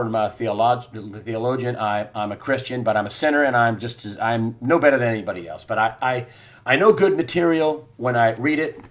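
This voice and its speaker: Speaking at a medium pitch, this middle-aged man hosts a monologue of election commentary that is emphatic and repetitive. Lots of "uh" fillers appear, and his volume swings between loud outbursts and near-quiet asides.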